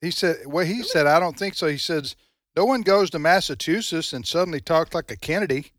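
A man's voice: on the high side, animated, fairly quick, fairly bright tone, dry recording, studio quality. Rambling talk radio host man. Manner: rambling, restarts, wry asides. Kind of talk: casual talk radio banter.

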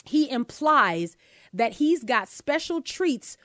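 A high-pitched woman hosts a talk show, delivering pointed opinion commentary. She drives her points home with rhetorical tag questions. Her voice sounds dry and close to the mic. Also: big pitch swings, slow pace, a bit bright, no room sound. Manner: emphatic, with many rhetorical "right?" tag questions.

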